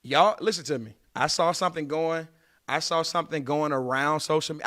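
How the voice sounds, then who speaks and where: This is a man in his late thirties with a fairly high pitch who talks a little fast. On his podcast he delivers an animated, preachy monologue of dating advice, casually addressing listeners head-on.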